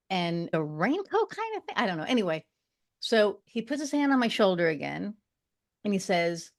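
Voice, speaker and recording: With a medium-pitched voice, a podcast guest from Long Island tells a personal tale in an easygoing way. She sprinkles in short asides to check in as she talks.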